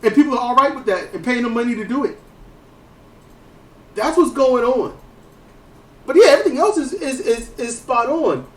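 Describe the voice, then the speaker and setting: A man hosting a casual wrestling podcast, telling stories in a lively way, with frequent swearing and restarted sentences. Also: very high-pitched, moderate pace, long pauses. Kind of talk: casual commentary chat. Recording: roomy, distant mic.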